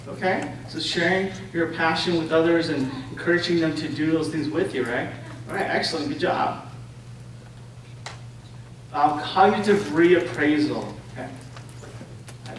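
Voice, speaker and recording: Man lecturing in an echoey room. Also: on the high side. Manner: frequent "right?" and "okay?" checks, anecdotal. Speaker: conference speaker. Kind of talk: interactive lecture to an audience. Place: conference room. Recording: echoey room, distant mic, faint noise.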